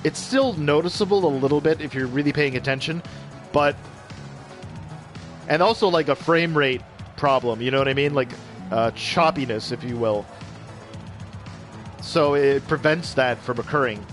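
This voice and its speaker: Man, slightly high voice, rambling gameplay chat, faint game music behind. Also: moderate pace, long pauses. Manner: rambling and chatty, talking to viewers while playing. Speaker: gaming video host. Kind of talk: casual gameplay commentary with mock play-by-play. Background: faint game audio and music.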